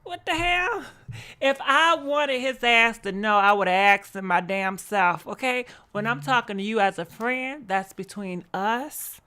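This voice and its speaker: Bright-voiced blunt woman host. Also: a little high, unhurried, clean tone. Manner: blunt, sassy, talks to viewers. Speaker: commentary host. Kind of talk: gossip commentary.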